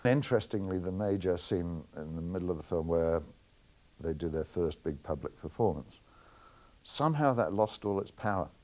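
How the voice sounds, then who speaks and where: A man's voice: sits low, animated, normal speed, a little mellow. A middle-aged man, working as a film editor and answering interview questions in a candid, anecdotal way with frequent chuckles.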